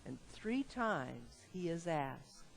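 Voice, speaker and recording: Casting: a low-voiced woman preacher, unhurried, conversational sermon. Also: vocal fry, a little hiss or hum. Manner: lively, conversational, asks the audience questions.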